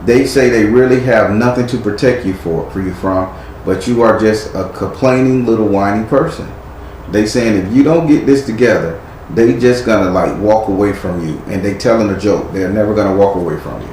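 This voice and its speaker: A man's voice: fairly low pitch, moderate pace, darkish tone. A man giving a live tarot reading, blunt and chiding with casual slang. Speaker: tarot reader. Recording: echoey room with faint noise.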